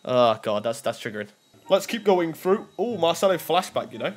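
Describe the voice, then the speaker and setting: A young man giving excitable pack-opening commentary on a video game, bursting into shouts over big pulls. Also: on the high side, moderate pace. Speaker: gaming YouTuber.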